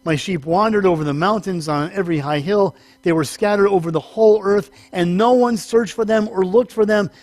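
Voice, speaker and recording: Higher-pitched male pastor teaching, dry sound. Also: fairly quick, few pauses, darkish tone, dry recording. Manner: conversational, self-correcting, rises in pitch for emphasis. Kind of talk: sermon teaching.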